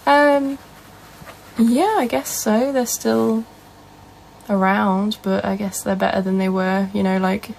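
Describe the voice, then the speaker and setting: Chatty Northern English woman, gravelly. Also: medium pitch, takes it slowly, a little hiss or hum, low-quality recording. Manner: reads out and answers viewer comments in a relaxed, chatty way. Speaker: livestreamer. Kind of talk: casual live-stream chat.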